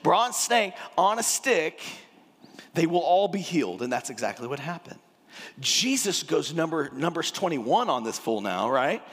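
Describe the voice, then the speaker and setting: Man from Texas, preacher, fairly high voice, long hall reverb. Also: a little slow. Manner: animated, emphatic, acts out scripture dialogue. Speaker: pastor. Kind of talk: sermon.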